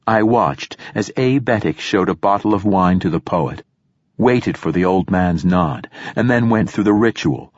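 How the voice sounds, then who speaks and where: A man narrating a first-person audiobook in a measured, descriptive way. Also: deep voice, husky, no echo.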